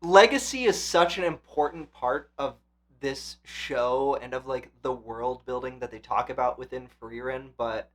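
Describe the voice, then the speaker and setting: A man hosting an anime reaction channel talks at a measured pace in a mid-range voice. Casual and eager, he swears often, veering from hyped outbursts into quiet introspection.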